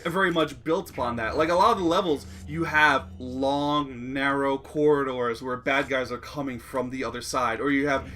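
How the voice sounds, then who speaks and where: A man's voice: mid-range voice, fairly even intonation, normal speed, hardly any pauses, a bit bright. A man co-hosting a let's play, chatting casually about games and trailing off into fillers. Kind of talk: casual gameplay commentary.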